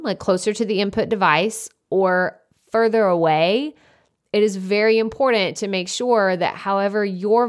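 A young adult woman hosting a solo podcast, chatty and naturally loud, speaking into a desktop USB microphone with many casual fillers. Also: medium pitch. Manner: chatty, lots of "like" fillers, self-described loud. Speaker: podcast host.

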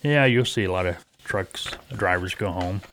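A man's voice: sits low, normal speed, fairly bright tone, a little hiss or hum. Folksy man hosting a trucking podcast. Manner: rambling, folksy, many fillers and restarts. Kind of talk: casual podcast talk.

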